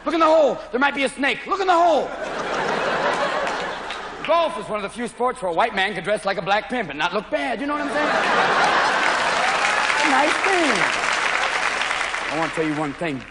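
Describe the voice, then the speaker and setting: A man in his thirties doing live stand-up comedy on a large stage, manic and rapid-fire, jumping in and out of voices. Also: very high voice, expressive, long reverb tail. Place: large opera house stage. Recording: loud live crowd and room noise. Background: roaring audience laughter.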